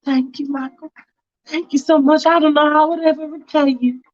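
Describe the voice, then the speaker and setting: A woman voicing a caring mother who soothes her daughter in a gentle, reassuring way. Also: high-pitched, fairly even intonation, fairly quick, highs cut off, voice pushed up, close to an everyday voice. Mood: grateful.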